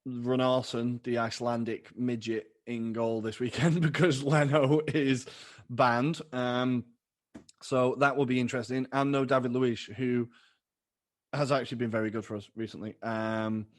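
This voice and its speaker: A chatty man co-hosting a podcast, talking in a middle-pitched voice. He is upbeat and breaks into laughs as he rattles through the weekend's fixtures. It is relaxed, casual football chat into a podcast mic. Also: a little slow. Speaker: podcast co-host.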